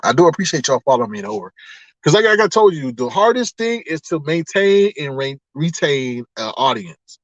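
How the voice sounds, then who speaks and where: A male streamer talks loosely to his viewers, laughing often and slipping into preachy asides. His fairly high voice swoops up and down. The sound is dry and a little dull. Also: big pitch swings, normal speed, no echo. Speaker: online streamer. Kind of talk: casual livestream chat.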